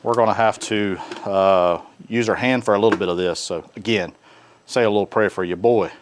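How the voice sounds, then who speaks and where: A man's voice: lowish voice, normal speed, slight background noise. A man from North Carolina, hosting a casual outdoor cooking demo in a folksy, joking way. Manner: folksy, jokey, animated. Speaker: cooking show host. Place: outdoors by a grill.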